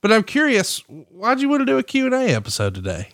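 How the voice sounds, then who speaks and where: A man's voice: sits high, wildly swooping pitch, fast talker, fairly bright tone, no room sound, studio quality. A man hosting a podcast in casual chat, upbeat and teasing as he steers the talk. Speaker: podcast host.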